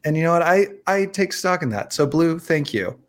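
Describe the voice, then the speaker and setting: Young male podcast co-host, slightly high voice, chatty and joking. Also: animated, normal speed. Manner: chatty, joking, lots of restarts and laughs. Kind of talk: casual chat.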